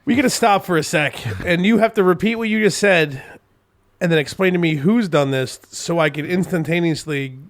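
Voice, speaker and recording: A man's voice: high-pitched, normal speed. A man co-hosting a podcast, chatting casually with crude, laughing banter. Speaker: podcast co-host. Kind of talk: casual chat.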